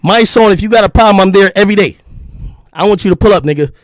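A man streaming an angry, profane rant, confrontational and breaking into shouts. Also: high voice, fast talker, no room sound, clean studio sound, faint music behind.

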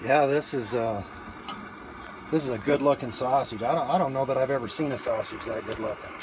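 Talking fairly quickly in a mid-range voice, a man streams live from an outdoor grill with his phone held in one hand. It's a food challenge, and his casual, rambling chatter is packed with fillers and restarts, with noise in the background.

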